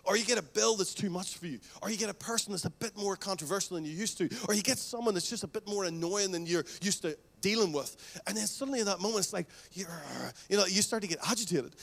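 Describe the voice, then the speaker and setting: A male pastor preaching a sermon, telling stories with lively asides and acting out quoted voices. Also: high-pitched, fast talker, creaky, hardly any pauses. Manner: animated storytelling, acts out quoted voices.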